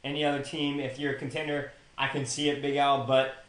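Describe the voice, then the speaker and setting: A man's voice: medium pitch, flat delivery, fairly quick, a bit bright. A young man co-hosting a sports podcast, giving opinions in casual chat and talking straight to the players. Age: young adult. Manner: opinionated, addresses players directly. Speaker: podcast co-host. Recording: roomy echo.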